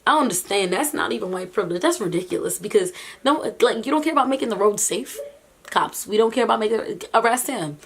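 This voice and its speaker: A woman vlogger giving casual reaction commentary, animated and incredulous, often breaking into laughter between remarks. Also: mid-range voice, fast, a little hiss or hum.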